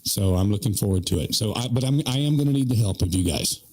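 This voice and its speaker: A man podcasting on a livestream, talking in a halting, self-pitying way that trails off. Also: on the low side, expressive, darkish tone, no echo, low-quality recording. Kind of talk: livestream talk asking for donations.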